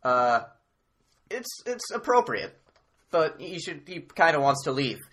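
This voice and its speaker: Male comic podcaster, somewhat high and very bright voice, halting, stammering delivery in loose improvised banter. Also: big pitch swings. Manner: stammering, halting with many restarts. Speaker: podcast co-host in mock debate.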